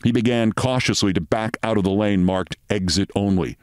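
A male host reading a short story aloud, measured and expressive. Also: low-pitched, no room sound.

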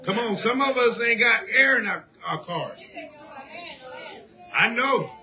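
High-voiced preacher man shouting sermon. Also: expressive, takes it slowly, some chatter behind. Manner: preaching call-and-response, rising to shouts.

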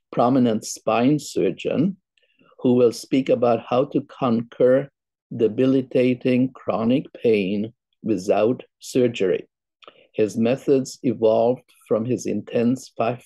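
An older man hosting an interview, speaking in a slow, measured way as he wraps up the show. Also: mid-range voice, mellow, no room sound. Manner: slow, measured, spells things out. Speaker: podcast host. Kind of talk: interview host wrap-up.

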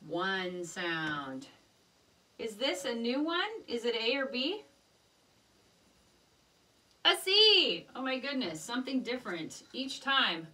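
A woman teaching a music lesson to young children, gently encouraging and chanting rhythm syllables in a sing-song voice. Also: fairly high pitch, very animated, a little slow, far from the mic.

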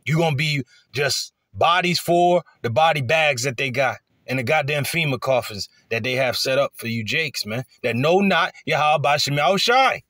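A man's voice: medium pitch, moderate pace, few pauses, a bit bright, no room sound. Fiery, profane man preaching scripture. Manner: heated, profane, acts out quoted voices. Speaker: street preacher.

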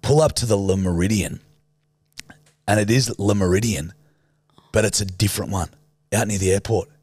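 A man's voice: lowish voice, normal speed, slightly rough, dry recording. Sweary Australian man spinning a yarn. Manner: sweary, animated storyteller acting out voices. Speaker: podcast co-host. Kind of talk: casual storytelling chat.

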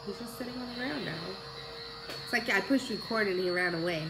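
A woman's voice: medium pitch, a little fast, gravelly, over loud music. A young pregnant woman chatting casually to her camera while cooking in her home kitchen, rambling and laughing often. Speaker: cooking vlogger.

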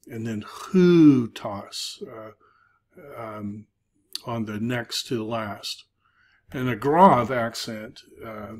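A man teaching a recorded video lecture as an instructor, explaining step by step with frequent hesitations and filler sounds. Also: medium pitch. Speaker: Greek instructor.

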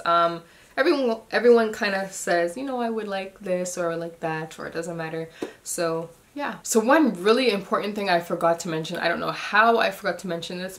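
A woman's voice: fairly low pitch, a bit bright. A young woman chatting casually in a pregnancy update vlog, a little short of breath, with loose talk and many ums. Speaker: vlogger.

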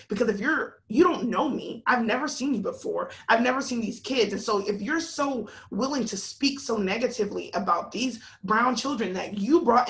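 A woman in her thirties, a podcast guest, telling a story in a lively, animated way, often laughing. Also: on the high side. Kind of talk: casual podcast conversation.

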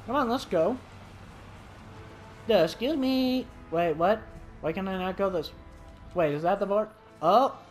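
A man's voice: sits high, a little slow, pauses often, soft background music. A man giving let's play commentary who talks to the dinosaurs on screen and yelps and shrieks when startled. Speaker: gaming commentator.

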